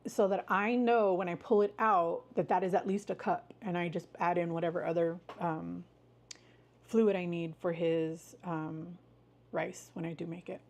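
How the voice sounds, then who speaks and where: A woman's voice: lowish voice, fairly even intonation, moderate pace. A woman hosting a casual live stream, chatting with viewers in an upbeat, friendly way, greeting them by name and cheering them on. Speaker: livestream host.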